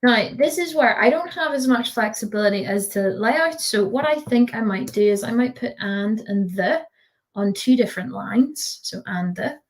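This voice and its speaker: A woman's voice: fairly high pitch, animated, moderate pace. A woman tutor giving a live online design tutorial over a video call, chatty and giggly with lots of fillers.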